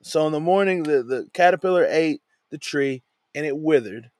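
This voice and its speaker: A man's voice: a little high, moderate pace, a little mellow, no echo. A man teaching a Bible passage in a loose, conversational way, often tossing in "man" and "you know what I'm saying". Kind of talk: casual Bible study talk. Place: lives in a van.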